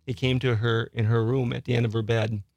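An older man, speaking quietly as a radio studio guest. His voice has a gravelly rasp, and he often laughs through his stories. The sound is close and dry. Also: medium pitch, flat delivery, fairly quick, no room sound. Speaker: ghost tour guide and author. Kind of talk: casual interview storytelling.

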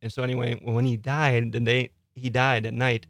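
A man in his sixties, a ghost tour guide, telling stories quietly in a studio interview and laughing often. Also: medium pitch, little pitch movement, normal speed, creaky, no echo. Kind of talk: casual interview storytelling. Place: radio studio.

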